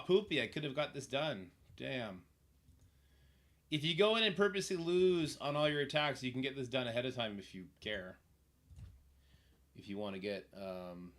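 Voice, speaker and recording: Male livestreamer, gravelly and bright, profane casual gameplay commentary. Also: medium pitch. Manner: profane, chatty, reacting to the game and chat.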